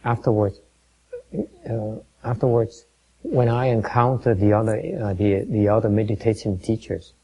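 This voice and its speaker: A man leads a meditation class in a gravelly voice with a dark, mellow tone. He talks haltingly, with many fillers, and keeps quizzing and teasing his listeners. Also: fairly low pitch, highs cut off. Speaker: meditation teacher. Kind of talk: dharma talk to a class.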